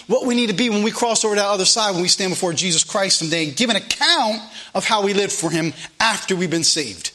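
A pastor preaches to his church in a high, ringing voice. He is earnest and conversational, circling back to repeat his points and slipping in plain asides. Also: sharp tone. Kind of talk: sermon. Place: church sanctuary.

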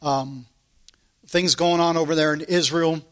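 A man preaching a sermon, reading scripture slowly and with emphasis, then talking fervently in a conversational way. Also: on the high side, steady tone, fairly bright tone.

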